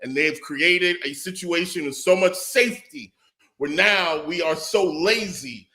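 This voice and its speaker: A man's voice: a little high, unhurried, pushed and bright. A man on a talk panel ranting in mock outrage, swearing freely and building long riffs. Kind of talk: casual chat.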